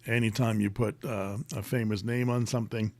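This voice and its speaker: Male live-stream host, low-pitched, dry close sound, chatty and rambling, reads comments aloud. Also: little pitch movement, normal speed, dry recording. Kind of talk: casual live-stream chat reading viewer comments.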